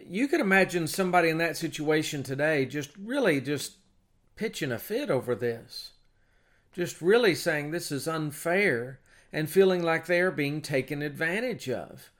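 A man's voice: on the high side, lively intonation, a little slow. Man reading scripture, then preaching. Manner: reads aloud then explains in plain, conversational teaching.

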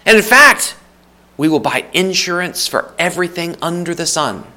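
A high-pitched American man preaches a sermon conversationally at a moderate pace, building emphasis by repeating phrases. His delivery is lively and rises for emphasis, with restarts and light laughs along the way.

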